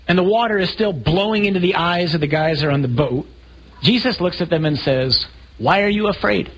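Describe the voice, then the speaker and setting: A man delivering a sermon in a very husky, rough voice pitched a little high. He tells stories vividly, acting out scenes and raising his voice for the dramatic moments. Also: rough recording. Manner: animated storytelling, acting out scenes with raised voice. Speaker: priest.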